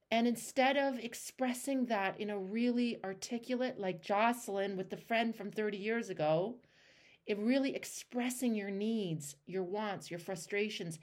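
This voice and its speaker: A woman hosting a one-on-one coaching call, talking emphatically and acting out the voices in people's heads, with casual swearing. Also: mid-range voice. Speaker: life coach and show host.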